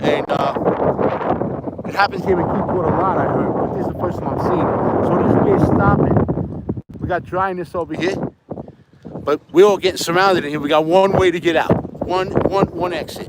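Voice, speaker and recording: A man live-streaming on his phone, chatting casually and rambling, repeating himself and greeting viewers by name, mostly outdoors in a windy parking lot. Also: sits high. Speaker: livestreamer. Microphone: handheld phone. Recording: phone mic with loud wind noise.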